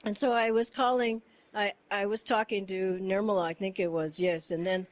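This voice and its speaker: A woman's voice: mid-range voice, steady tone, normal speed. A woman giving an informal spiritual talk, telling personal stories earnestly and animatedly, laughing often and repeating phrases. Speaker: satsang speaker.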